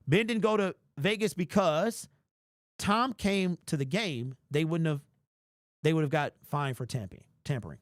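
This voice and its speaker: A man hosting a casual fan live stream, chatting and reading donations in an animated, teasing, mock-indignant way. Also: fairly high pitch, a little slow, no echo, clean studio sound. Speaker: fan livestream host.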